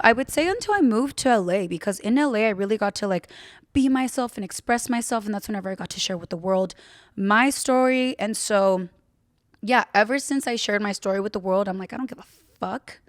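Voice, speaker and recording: A woman's voice: medium pitch, a little fast, dry recording, clean studio sound. A young woman hosting a podcast, telling a personal story in a candid, casual way, full of fillers and the odd swear word. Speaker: podcast host.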